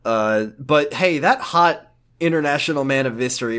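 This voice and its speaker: A young man in his twenties co-hosts a casual podcast, recapping a show with quick jokes and mocking asides. His voice sits in a middling register and he talks in an easygoing, conversational way. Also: medium pitch, fairly bright tone, smooth. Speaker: podcast co-host. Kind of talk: casual comedic recap chat.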